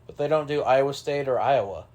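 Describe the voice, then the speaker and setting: A man's voice: mid-range voice, brisk, darkish tone. A young man co-hosting a podcast, chatting casually and emphatically about sports. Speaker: podcast co-host.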